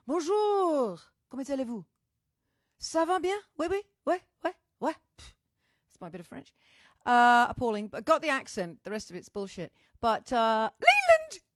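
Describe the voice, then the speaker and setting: A woman musician hosts a casual livestream from inside her home, talking into a microphone in front of her. Her voice sits on the high side and the sound is studio quality with no room sound. She calls viewers darling, chats effusively, and swears freely.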